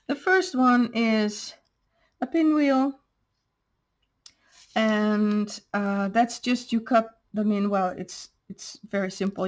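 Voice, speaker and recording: A woman hosting a craft channel, patiently explaining step by step how she made each paper piece. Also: on the high side. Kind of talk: crafting show-and-tell.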